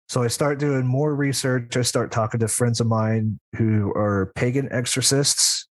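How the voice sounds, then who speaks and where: A man's voice: medium pitch, moderate pace, dry recording. Rambling man telling his story. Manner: rambling, with frequent asides and laughs. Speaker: practicing demonologist guest. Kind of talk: casual storytelling interview.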